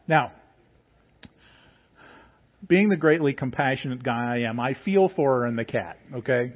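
Folksy pastor, tinny sound. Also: male voice, medium pitch, lively intonation, a little slow, long pauses. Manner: folksy, joking, conversational storytelling. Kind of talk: sermon with personal story. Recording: phone-like narrow band.

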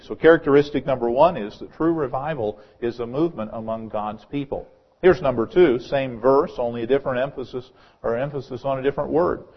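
A man's voice: on the high side, slightly rough. Earnest preacher man, lo-fi recording. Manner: earnest, repeats words at starts of phrases. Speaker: pastor. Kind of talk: sermon.

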